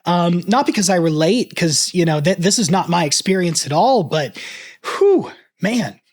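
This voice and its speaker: A man in his thirties speaking in a slightly raised voice, choked up as he reacts. He talks earnestly and reflectively, stopping and restarting in halting bursts of casual commentary. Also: high voice, expressive. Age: 30s. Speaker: reaction video host.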